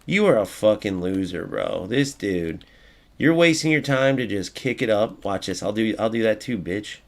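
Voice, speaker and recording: A man's voice: fairly low pitch, normal speed. A man streaming a football video game, commenting live, swearing freely and talking to his viewers. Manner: excitable, swears freely, talks to chat. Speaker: gaming streamer.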